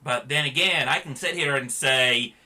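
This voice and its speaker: A man's voice: medium pitch, moderate pace, bright, forceful tone. A man giving a blunt, sarcastic opinion rant to the camera as a vlogger.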